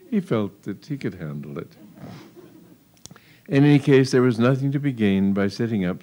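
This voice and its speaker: A man's voice: fairly low pitch, dark tone. A man reading a humorous story aloud in a wry, amused storytelling manner. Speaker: narrator. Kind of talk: audiobook reading of a comic tale.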